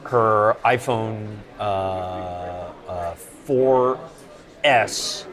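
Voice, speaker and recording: Another male podcast co-host talks over lunch, hesitant and full of repeated words and fillers. His voice is somewhat low with a slight brightness, and the noise of a crowded restaurant fills the background.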